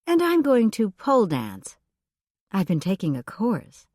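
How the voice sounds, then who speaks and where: A woman narrator voicing a breathy, scatterbrained female fire dispatcher in an audiobook, with an eager, pleading manner. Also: medium pitch, huge pitch swings, a little slow, a little mellow, no echo, clean studio sound, pitched above the performer's own voice. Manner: eager, pleading, then frantic. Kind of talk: audiobook character voice.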